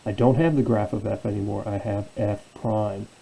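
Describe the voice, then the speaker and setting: A man's voice: fairly low pitch, steady tone, moderate pace, creaky, warm tone, breathy edge, rough recording. A man teaching a calculus lesson as a professor, asking questions and answering them himself. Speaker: math professor. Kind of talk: calculus lecture.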